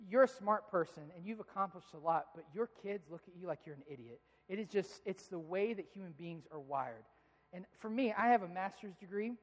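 Man preaching in a reverberant hall. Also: sits high. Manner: conversational storytelling with emphatic, rising pleas. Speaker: pastor. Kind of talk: sermon.

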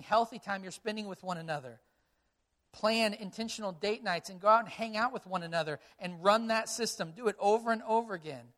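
High, bright-voiced pastor preaching earnestly. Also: male voice. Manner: earnest, repeats key phrases for emphasis; conversational, tells personal family stories. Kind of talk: sermon.

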